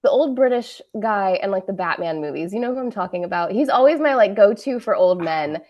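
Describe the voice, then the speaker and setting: A woman's voice: mid-range voice, animated, brisk, dull audio. Chatty female narrator, mid voice. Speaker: audiobook narrator. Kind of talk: casual interview chat.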